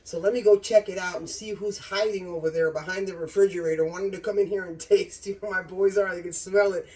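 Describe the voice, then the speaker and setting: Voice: medium pitch, fairly even intonation, fast talker, darkish tone, distant mic. A home cooking channel host in a casual cooking vlog, gushing with enthusiasm about the food, recorded in a home kitchen.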